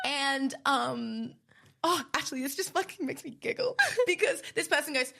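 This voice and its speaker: A young woman co-hosting a casual podcast, her voice bright and forceful. She tells stories in a rambling, chatty way, full of fillers and quoted voices, pitched a little higher than most. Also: lively intonation, moderate pace, vocal fry. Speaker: podcast co-host. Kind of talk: casual chat.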